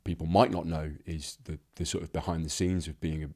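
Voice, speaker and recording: A man talking candidly as an interview guest, reflective and halting, with many restarts. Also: a bass voice, little pitch movement, dark tone.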